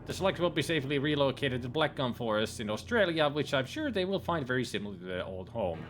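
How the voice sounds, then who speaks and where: A man's voice: medium pitch, very animated, fast, fairly bright tone, a little hiss or hum. A man playing through a game on video, reading in-game messages and long jokes aloud in a casual, mocking way with fillers and slips. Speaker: let's player. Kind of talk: gaming commentary, reading texts and jokes aloud.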